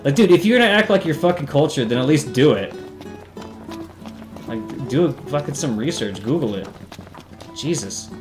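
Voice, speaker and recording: A man's voice: medium pitch, lively intonation, normal speed, long pauses. A young man doing casual, profane, sarcastic commentary while playing a video game. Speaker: let's play host. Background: game music.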